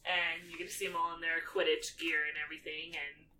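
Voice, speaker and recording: Podcast co-host, female, casual recap chat, bright tone, slightly off-mic with faint hiss. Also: deep voice, a little fast, far from the mic, low-quality recording. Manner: animated, acts out quotes in character voices.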